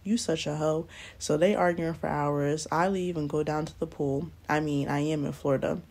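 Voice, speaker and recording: A young woman vlogger telling a dramatic storytime in a lively, slangy way. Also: sits low, normal speed. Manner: animated, slangy, dramatic retelling. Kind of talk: storytime narration while doing nails.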